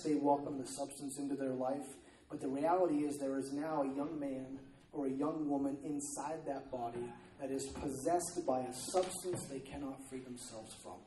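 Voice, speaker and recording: A man's voice: mid-range voice, dark tone, echoey room, distant mic, slight background noise, low-quality recording. A man preaching a sermon in a loose, conversational way, often stopping to check in with his listeners. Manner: conversational, repeats "okay?" to check in. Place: church.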